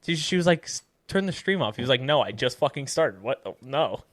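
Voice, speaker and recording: A young man co-hosting a loose, casual podcast. He tells stories with lots of swearing and frequent laughter. His voice sits at an ordinary middle pitch. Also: brisk, dry recording. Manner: laughs often, swears, animated storytelling. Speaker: podcast co-host. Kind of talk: casual chat.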